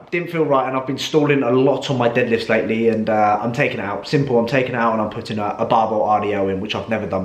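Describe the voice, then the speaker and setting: A young man chatting casually as a fitness vlogger, swearing freely and ranting loudly. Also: medium pitch. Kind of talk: casual vlog chat. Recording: echoey room.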